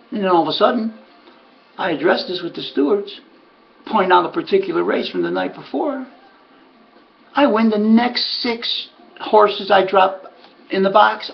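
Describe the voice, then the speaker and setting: A high-pitched male voice with vocal fry, belonging to a former harness racing trainer who tells a story in monologue form and acts out other people's lines. The recording is muffled and lo-fi.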